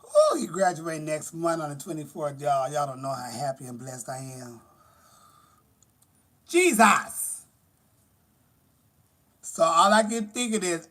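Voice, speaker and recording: Lively, expressive host chatting on a livestream. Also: male voice, fairly high pitch, unhurried, pauses often. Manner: animated, talks to viewers directly, swings between loud outbursts and soft murmurs. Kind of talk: casual livestream chat.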